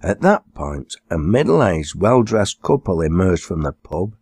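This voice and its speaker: A man with a very deep voice narrates his own novel with lively, expressive storytelling. The close, dry recording has no room sound. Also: unhurried, slightly rough, no room sound. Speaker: author narrating his book. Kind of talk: audiobook narration.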